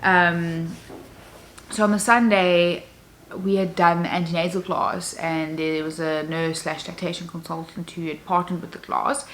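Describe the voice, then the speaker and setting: A woman's voice: lowish voice, flat delivery, unhurried, slight background noise, low-quality recording. A young adult woman and new mother talking candidly in a casual personal vlog, rambling with many fillers. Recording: music playing underneath.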